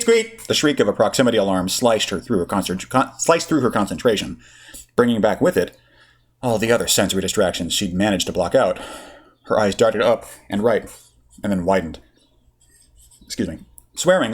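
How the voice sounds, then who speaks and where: A man reading a story aloud in a lively way, with casual asides. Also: lowish voice, breathy edge. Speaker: reader. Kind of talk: reading fan fiction aloud.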